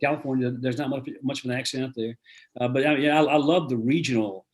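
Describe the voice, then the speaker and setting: An older man talks as a guest author over a video call. His folksy, rambling speech is full of restarts, and his voice sits in a middle pitch. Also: fairly even intonation, quick pace. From American South.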